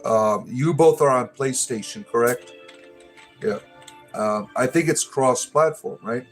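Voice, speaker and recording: A man's voice: mid-range voice, unhurried, soft background music. Rambling man hosting a livestream. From United States. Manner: rambling, joking, full of fillers and restarts. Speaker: livestream host. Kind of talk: casual livestream chat with viewers.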